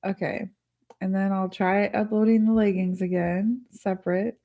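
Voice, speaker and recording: A woman's voice: mid-range voice, steady tone, moderate pace, creaky, warm tone. A woman hosting a live tutorial stream, chatting casually with viewers, laughing often and thinking aloud as she works. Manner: thinks aloud while working on screen. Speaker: host of a live art studio stream.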